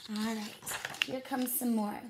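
A woman's voice: fairly high pitch, steady tone, unhurried, background noise. A woman teacher reading a picture book aloud and teaching rhymes to young children, talking straight to them in an encouraging way. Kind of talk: read-aloud phonics lesson for young children.

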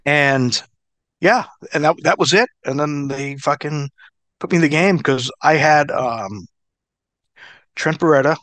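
Telling stories in a laid-back interview, this middle-aged ex-wrestler swears freely and laughs animatedly as he talks. His voice is on the high side and a little slow, with long pauses and no echo.

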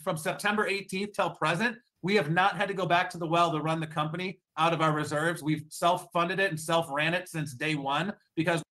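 A man delivering an upbeat sales presentation. His voice is bright and sits a little high. He poses rhetorical questions to the crowd and answers them himself. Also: fairly even intonation, fairly quick, few pauses. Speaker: company executive giving a sales pitch.

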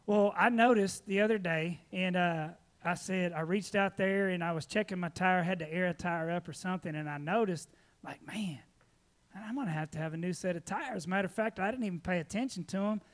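A man preaching at a church, telling folksy stories with lively laughter, then giving announcements. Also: sits high, fairly quick. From Texas. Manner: folksy storytelling, animated, laughing often. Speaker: pastor.

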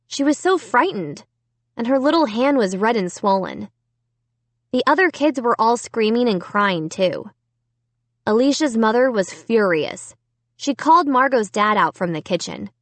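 Woman audiobook narrator; dramatic, animated first-person storytelling, fairly high voice. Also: dry recording. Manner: expressive, dramatic reading.

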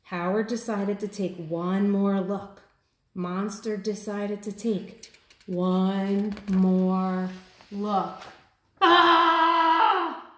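A woman teacher reading a children's picture book aloud, with animated storytelling. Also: medium pitch, drawn-out words, roomy sound. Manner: animated storytelling, lifting her voice for the children's cries. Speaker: kindergarten teacher.

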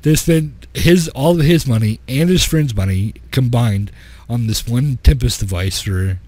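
A man's voice: medium pitch, expressive, moderate pace, a little mellow, no echo. A man hosting a podcast, casually telling a rambling story and laughing often as he goes. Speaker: podcast host.

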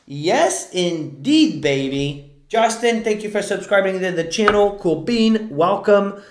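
A man live-streaming scratch-off tickets, talking excitedly to his chat and yelling at big wins. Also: high voice, slow pace, background noise. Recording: echoey room.

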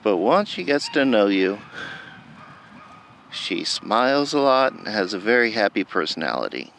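Man, gravelly and animated; upbeat, playful shelter-adoption narrator. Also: on the low side, normal speed, slight background noise. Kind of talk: scripted narration for a pet adoption video. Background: background music.

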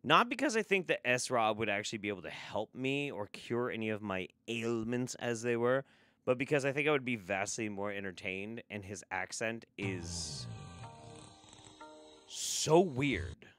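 A man's voice: lowish voice, expressive, measured pace, a bit bright, soft background music. A man hosting a casual livestream, sarcastic, swearing freely and laughing often. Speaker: livestream host.

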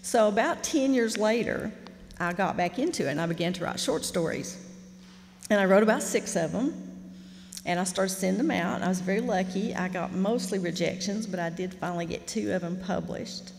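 A middle-aged woman, telling a candid, animated story while teaching a fiction master class. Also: mid-range voice, moderate pace, gravelly, slight background noise. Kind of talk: storytelling lecture. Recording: reverberant lecture hall.

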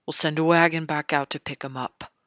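A podfic narrator voicing a burly middle-aged king who grumbles loudly and carelessly. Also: mid-range voice, steady tone, fairly quick, no echo, clean studio sound, close to an everyday voice. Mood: gruff.

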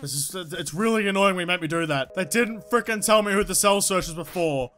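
A woman giving excitable, swear-filled let's-play commentary, talking to herself and the game. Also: fairly low pitch, fairly quick. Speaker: gaming YouTuber. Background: game music.

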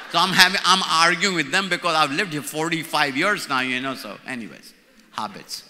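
A man's voice: a little high, fairly quick, sharp tone, a little hiss or hum. A man in his sixties from India with an Indian accent, giving a playful church leadership conference talk and repeating key words for emphasis. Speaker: conference speaker. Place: large conference hall. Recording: reverberant hall.

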